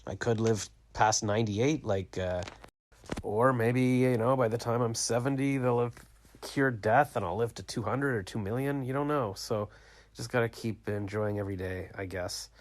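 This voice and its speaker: A vlogger records a casual late-night video diary in his small home studio, rambling reflectively while retelling conversations. His mid-range voice is at normal speed on a dry recording.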